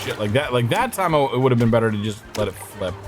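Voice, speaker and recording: A man's voice: medium pitch, expressive, fast, music in the background. A man streaming a game, chatting casually, swearing and talking to himself as he plays. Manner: chatty and swears often, with frequent laughs and self-talk. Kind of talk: casual gameplay commentary.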